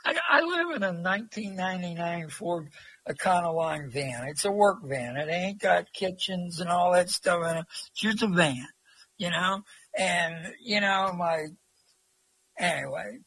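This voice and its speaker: A man's voice: high-pitched, sharp tone, husky, no echo. A man, a long-distance walker telling stories as an interview guest in a rambling, folksy way. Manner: rambling, folksy, many fillers. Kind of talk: casual storytelling.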